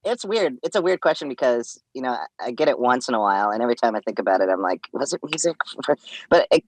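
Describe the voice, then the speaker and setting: A man's voice: medium pitch, lively intonation, fast talker, no room sound. Laughing, rambling male podcast guest. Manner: rambling, laughing, many restarts. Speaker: comedian and voice actor, guest. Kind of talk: casual podcast interview.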